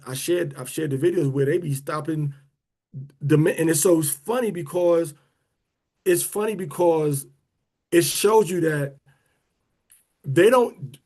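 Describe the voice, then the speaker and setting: Guy w just rambling at the camera, mellow warm tone, lots of restarts. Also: fairly high pitch, a little slow. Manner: rambling and conversational, with many restarts. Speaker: speaker of a prayer and teaching livestream. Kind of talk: casual talk to an online audience.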